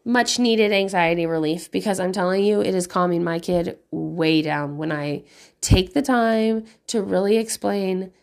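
Blunt, swearing mom of five. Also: female voice, on the low side, unhurried, gravelly. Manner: candid and profane, laughing often. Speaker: mother of five giving parenting advice. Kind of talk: casual monologue.

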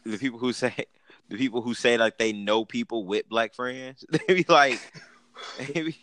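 A man's voice: mid-range voice, moderate pace, a bit bright. A man co-hosting a podcast, talking in a slangy, laid-back way and laughing often. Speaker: podcast co-host. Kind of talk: casual chat.

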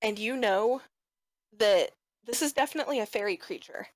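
A woman running a tabletop game as game master, setting scenes in a measured, descriptive way. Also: a little high, no room sound, rough recording.

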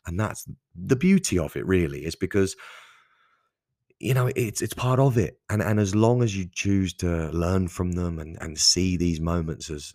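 Gravelly very low-voiced man, candid podcast talk. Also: moderate pace, a little mellow, dry recording, clean studio sound. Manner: candid and conversational, frequent restarts and asides. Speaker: podcast host. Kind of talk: casual solo podcast monologue.

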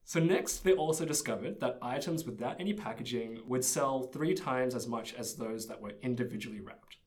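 A man's voice: medium pitch, moderate pace. A young man telling a story in casual chat, easygoing and laughing often. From Australia. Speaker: presenter.

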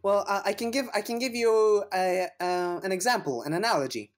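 A woman's voice: mid-range voice, brisk. A woman co-hosting a podcast in casual chat, rambling through stories and giggling often. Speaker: podcast co-host.

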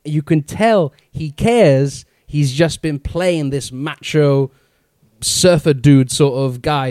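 A man co-hosting a casual film review chat, enthusiastic and quick to laugh. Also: on the high side, darkish tone, no room sound. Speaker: podcast co-host.

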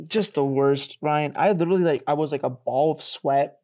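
A young man telling a story in a casual podcast chat. He mocks himself, laughs often and jumps up in pitch when he gets excited. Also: normal speed. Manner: animated, self-mocking, laughs often and jumps higher in pitch. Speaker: podcast co-host.

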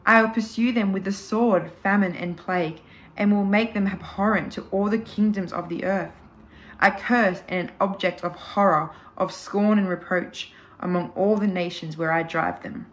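Woman doing the bible reading at church, steady and solemn, mid voice. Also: mid-range voice, moderate pace, rough recording. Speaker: scripture reader. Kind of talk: formal scripture reading.

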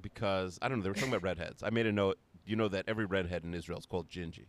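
A man's voice: sits low, rapid-fire. A middle-aged man from the United States co-hosting a podcast, chatting casually with dry, wry asides. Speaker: podcast co-host. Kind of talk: casual chat.

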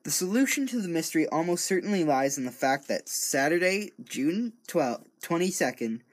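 A man's voice: fairly high pitch, very animated, moderate pace. Rambling man reading a true-crime story. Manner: stumbling, self-correcting, rambling. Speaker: true-crime reader and commentator. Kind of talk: casual reading aloud with jokey asides. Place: home recording studio.

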